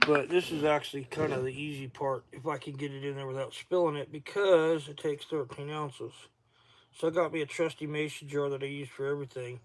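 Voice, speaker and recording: A man's voice: on the high side, fairly bright tone. A middle-aged man from Florida with a Southern accent, tired, chatting casually in a rambling way on a livestream from his garage workshop, greeting viewers by name. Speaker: outdoor livestream host.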